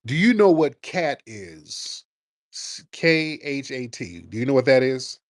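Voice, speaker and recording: A man's voice: mid-range voice, sing-song, measured pace, no echo, clean studio sound. A man hosting a call-in radio show who argues sharply and presses his caller.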